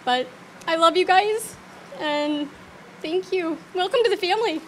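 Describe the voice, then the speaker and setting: A middle-aged woman, mother of the bride, giving an emotional wedding toast, halting and laughing as she fights back tears. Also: very high-pitched, a little hiss or hum. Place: wedding reception.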